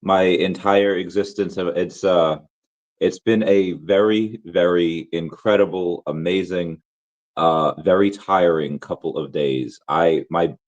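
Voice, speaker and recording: A man with a hoarse, worn-out voice, chatting casually and rambling with many restarts and fillers as a crypto vlogger. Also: sits low, steady tone, slow pace, lo-fi sound. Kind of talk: casual chat.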